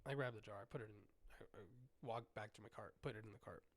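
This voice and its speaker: A man hosting a podcast, telling an animated story with heavy cursing and frequent restarts. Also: on the low side, fast talker, dry recording. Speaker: podcast host. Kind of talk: casual solo storytelling.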